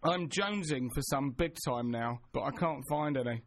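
A man's voice: mid-range voice, normal speed. A man co-hosting a radio show, bantering and reading out listener messages. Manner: jokey, reads out listener messages. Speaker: radio co-host. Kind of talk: casual banter.

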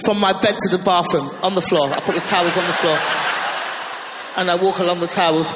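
A woman doing stand-up, brisk and self-mocking as she confesses her quirks. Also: mid-range voice, steady tone. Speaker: stand-up comedian. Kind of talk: stand-up routine. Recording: long reverb of a large hall, faint noise.

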